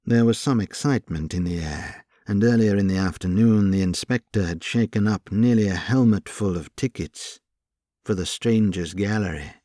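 Steady and measured, a man on the low side of the pitch range tells the story of a scripted audiobook. There's no echo, and the sound is clean studio quality.

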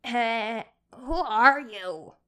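A woman voicing a cranky, suspicious elderly man with a craggy, high-pitched, querulous voice, in storybook narration. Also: animated, extremely slow, pushed and bright, smooth, exaggerated voice.

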